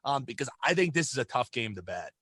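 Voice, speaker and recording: A man co-hosting a sports betting podcast, talking in an energetic, casual way and often repeating words as he starts a phrase. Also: mid-range voice, quick pace, no echo. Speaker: podcast co-host.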